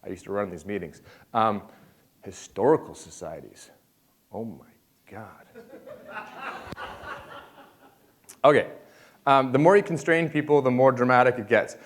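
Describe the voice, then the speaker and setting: A man giving a lively conference talk, joking and calling on the audience. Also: mid-range voice, unhurried, pauses often. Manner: energetic, jokey, interacts with crowd. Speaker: conference speaker.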